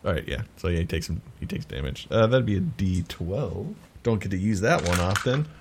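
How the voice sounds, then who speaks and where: A man's voice: sits low, expressive, a little fast, slightly rough. A man playing a tabletop game, chatting casually and joking. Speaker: player.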